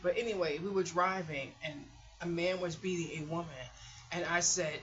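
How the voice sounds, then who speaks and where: A woman's voice: fairly low pitch, normal speed, sharp tone. A woman vlogger telling stories casually and emphatically, acting out her own past words. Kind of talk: casual storytelling. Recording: dull lo-fi recording.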